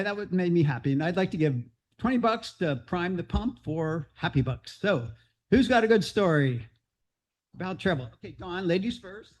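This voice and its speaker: A man with a slightly high voice tells a casual, rambling travel story to a club meeting. He sounds chatty and upbeat as he leads the gathering. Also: a little mellow. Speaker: meeting leader.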